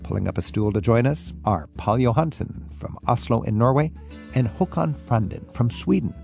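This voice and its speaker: A man's voice: medium pitch, lively intonation, normal speed, creaky, a little mellow, faint music behind. A man with an American accent hosting a studio chat, curious and prompting his guests with questions. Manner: curious, prompting, laughs often. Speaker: host.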